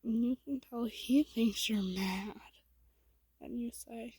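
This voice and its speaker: Soft-whispering woman, whispered role-play. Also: on the high side, breathy edge, dry recording, poor audio. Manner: soft, hushed and slow, with small slips. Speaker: storyteller.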